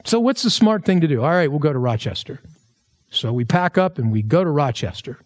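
A man preaching in a church, his voice sitting a little higher than most men's. He tells a personal story with animated delivery and acts out each exchange of dialogue. He is a pastor from Pennsylvania. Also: fairly quick. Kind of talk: storytelling sermon. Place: church, filmed.

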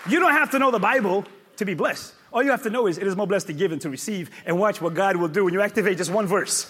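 A male pastor preaching a sermon, emphatic and repetitive, with sudden loud peaks. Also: high voice, quick pace, hardly any pauses, a crowd in the background, background noise.

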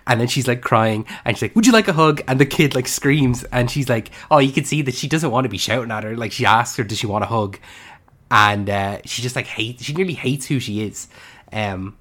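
A man's voice: medium pitch, fairly quick. A young man co-hosting a film podcast, talking casually and eagerly, often acting out scenes. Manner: animated, acts out scenes from the film. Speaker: podcast co-host.

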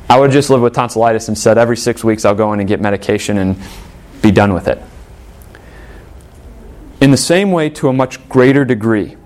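A man, the pastor, preaching an earnest sermon with emphatic repetition. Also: medium pitch.

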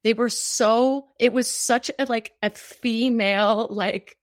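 A woman's voice: a little high, fairly even intonation, slow pace, dry recording, clean studio sound. A woman guest telling a personal story in conversation. She speaks in a heartfelt, rambling way, full of fillers. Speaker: cancer survivor guest.

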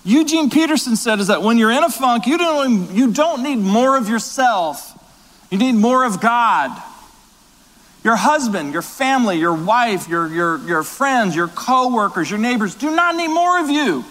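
A man's voice: sits high, a bit bright, in a large hall. A man preaching a sermon as pastor, emphatic and repetitive, in a large church.

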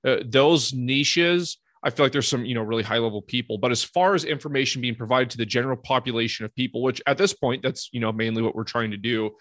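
A man hosting a podcast, talking in a relaxed, conversational way as he explains his views. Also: mid-range voice, fast talker, hardly any pauses, no room sound, clean studio sound. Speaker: podcast host. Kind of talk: casual podcast chat.

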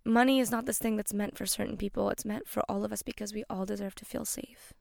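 A woman's voice: mid-range voice, steady tone, quick pace, vocal fry, darkish tone, dry recording, clean studio sound. A young woman hosting her own podcast, talking loosely and chattily with many fillers, getting emotional. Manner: loose and chatty, many likes and you-knows. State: emotional, near tears. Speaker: podcast host. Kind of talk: casual solo podcast talk.

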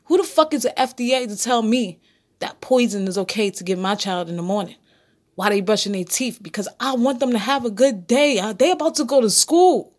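Solo podcast host, woman, blunt and preachy, swears freely, slightly raised pitch. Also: expressive, a little fast, darkish tone. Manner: blunt, preachy, profane, talks straight to listeners. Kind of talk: casual solo podcast monologue.

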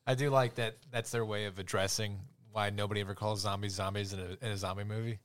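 A man's voice: fairly low pitch, fairly even intonation, quick pace, fairly bright tone. A man co-hosting a film podcast, giving brief agreeing replies and laid-back remarks in casual chat. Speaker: podcast co-host.

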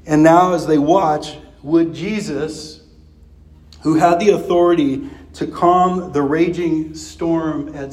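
Guy pastor preaching easygoing, chuckles a lot, jumps up in pitch for quotes. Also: darkish tone. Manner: conversational, with chuckles and fillers. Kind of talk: sermon.

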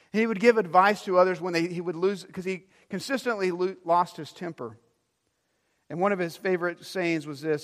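Middle-aged male pastor, fairly high voice, preaching with loud emphatic swells and soft asides, church hall reverb. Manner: shifts from loud emphasis to quiet, drawn-out asides. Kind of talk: sermon. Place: church sanctuary.

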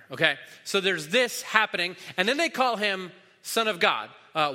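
Male pastor, casual sermon delivery with fillers, slightly high voice, long hall echo. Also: lively intonation, moderate pace, sharp tone. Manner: casual teaching with many fillers and restarts.

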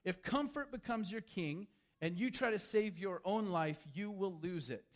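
Male pastor, high voice, animated sermon delivery. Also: moderate pace. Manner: animated, acts out quoted voices.

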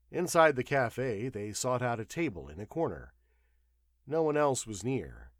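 A man's voice: medium pitch, sing-song, measured pace, no room sound, studio quality. A man narrating an audiobook expressively, acting out the characters' voices.

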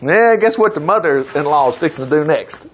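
Guy reading bible story out loud and riffing on it, pretty high voice, bounces all over, real excited. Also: a little fast, slightly rough. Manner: enthusiastic, interjecting exclamations. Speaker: Bible teacher. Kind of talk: reading scripture aloud with running commentary.

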